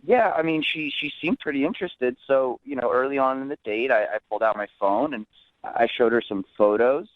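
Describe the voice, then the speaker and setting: A man's voice: medium pitch, a little fast, dry recording. A man phones in to a radio show and talks in a hesitant way, stumbling over his words and restarting often. His voice comes through a thin, tinny phone line. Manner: hesitant, many restarts and "I mean". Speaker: caller. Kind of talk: phone-in chat.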